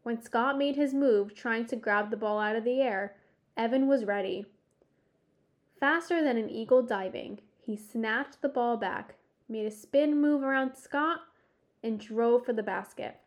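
A woman reads a children's sports story aloud as its narrator. Her voice sits fairly high, and she takes the lines slowly and deliberately. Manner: measured, expressive storytelling. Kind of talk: audiobook narration.

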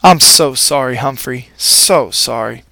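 A man voicing a gentle, kind young girl who soothes her pet in a storybook reading. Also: medium pitch, unhurried, vocal fry, no echo, full character voice. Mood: soothing. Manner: soothing, apologetic.

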